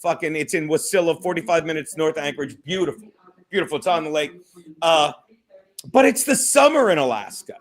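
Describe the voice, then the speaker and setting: A male comedian hosting a podcast, telling a rambling story in casual chat and swearing freely as he goes. His voice sits high for a man. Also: expressive, fairly quick.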